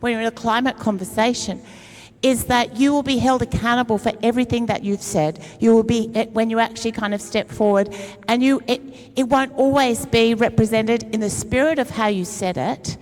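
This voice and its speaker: A woman's voice: fairly high pitch, fairly even intonation, a little fast, a little mellow. A middle-aged woman, a comedian giving a talk at an event and telling a self-mocking, funny story in a chatty way. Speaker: speaker at a climate event. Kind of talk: humorous storytelling speech.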